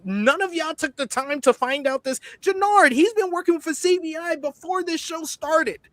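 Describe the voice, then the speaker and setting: A man co-hosting a TV review show, recapping an episode in a casual, animated way and acting out the characters' lines. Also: very high-pitched, normal speed, no echo.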